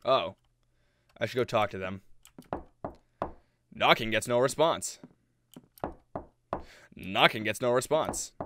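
A man's voice: medium pitch, lively intonation, slow, pauses often, a bit bright, a little hiss or hum. A young man giving jokey, casual commentary while playing a horror game and reading its text aloud. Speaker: let's play host.

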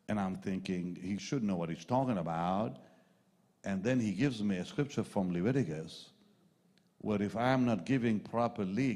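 Older preacher from Israel, storytelling. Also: male voice, lowish voice. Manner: animated, chatty storytelling with asides. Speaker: pastor. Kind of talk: storytelling sermon.

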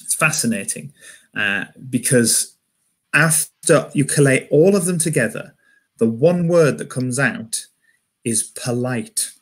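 A man's voice: medium pitch, expressive, a little slow, a bit bright, husky. A man with a Yorkshire accent doing a wry stand-up comedy set from home, often restarting his phrases.

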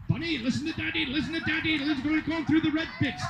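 A man's voice: very high voice, fairly even intonation, quick pace, hardly any pauses. A man giving playful, rambling live commentary at an outdoor dog agility field. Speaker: event commentator. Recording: loud outdoor noise, dogs barking.

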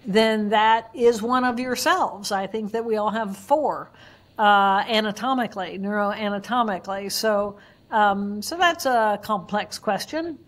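A woman being interviewed as a neuroanatomist, explaining brain science with animated examples she acts out in voices. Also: medium pitch, measured pace. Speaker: guest neuroanatomist.

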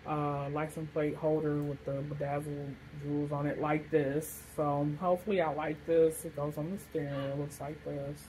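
A woman's voice: low voice, little pitch movement, moderate pace, hardly any pauses, dark tone, a little hiss or hum, rough recording. A woman casually chatting through a shopping haul, rambling with lots of fillers. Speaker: vlogger showing a shopping haul. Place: hot room with a fan blowing.

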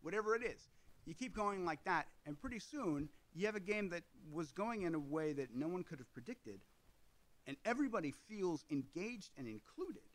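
A man's voice: high voice, big pitch swings, moderate pace, low-quality recording. A man hosting an explainer video on tabletop games, talking through ideas in a discursive way with asides. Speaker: host.

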